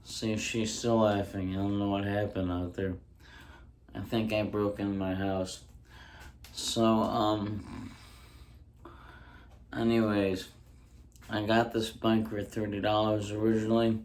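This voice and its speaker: A man doing a casual home-recorded ASMR stand-up bit, rambling through deadpan jokes with frequent ums, close on a handheld mic. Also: on the low side, slow pace, long pauses. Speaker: stand-up comedian. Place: indoors at home.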